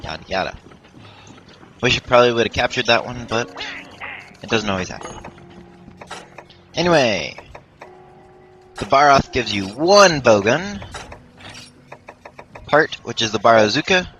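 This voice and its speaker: A man's voice: medium pitch, expressive, measured pace, pauses often, a bit bright, poor audio. A man giving rambling, self-deprecating commentary while playing a video game, full of fillers and restarts. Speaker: let's play commentator. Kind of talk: casual gameplay commentary. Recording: game music playing under the voice.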